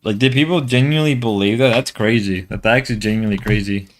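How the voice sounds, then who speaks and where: A man's voice: fairly low pitch, fast talker. A young man co-hosting a stream in casual chat, rambling and joking with hesitant restarts. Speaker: stream co-host.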